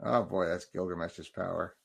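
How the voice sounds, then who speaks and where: A man's voice: sits low, fairly even intonation, normal speed, creaky, husky. A man hosting a podcast, chatting loosely through a live movie watch-along and reacting to the scenes. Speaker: podcast host.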